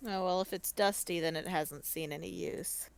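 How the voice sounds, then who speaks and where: A woman playing in a tabletop game, talking casually and slowly about her character. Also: fairly low pitch, steady tone, gravelly, no echo. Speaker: player.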